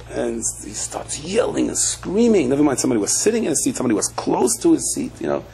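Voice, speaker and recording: A man's voice: medium pitch, creaky, darkish tone, slight background noise, poor audio. Man telling jokes in a Torah lecture. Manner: humorous storytelling, acts out quoted voices. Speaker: rabbi teaching a Torah class. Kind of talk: sermon-style lecture with stories.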